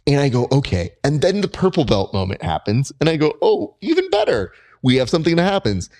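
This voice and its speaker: A man hosting a grappling podcast, telling stories in a casual, animated way and acting out his own reactions. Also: fast. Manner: animated storyteller, jumps high when quoting himself. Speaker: podcast host. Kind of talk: casual interview chat.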